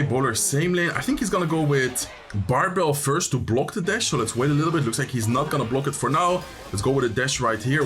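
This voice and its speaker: Lively young man commenting on gameplay. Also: medium pitch. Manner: excitable, thinks aloud, addresses viewers as guys. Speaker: gaming commentator.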